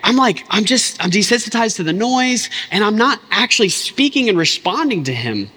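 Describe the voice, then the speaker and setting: Pastor, male, 30s, earnest and chatty from the pulpit, bright tenor, big church hall reverb. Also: sits high, big pitch swings, moderate pace, husky. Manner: impassioned, conversational, lots of "like" asides. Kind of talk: sermon.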